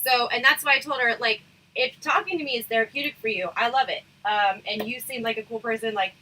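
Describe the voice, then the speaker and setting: A woman hosting a casual livestream chat, talking frankly and rambling with lots of fillers, her voice going hoarse. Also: fairly high pitch, fast talker, pushed and bright, a little hiss or hum, rough recording. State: losing her voice, throat irritated. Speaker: livestream host.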